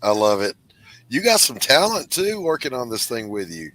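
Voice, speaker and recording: A man's voice: mid-range voice, very animated, normal speed, pushed and bright, dry recording, poor audio. A man hosting an interview, friendly and encouraging, stumbling over his words. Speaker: interview host. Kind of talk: casual interview chat.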